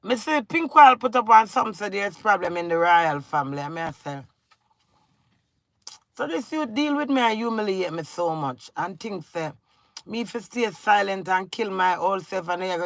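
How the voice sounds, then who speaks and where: Woman, Jamaican accent, middle-aged, confrontational patois rant, very gravelly, dry sound. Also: medium pitch, lively intonation, normal speed, no room sound. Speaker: vlogger. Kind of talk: emotional rant to camera.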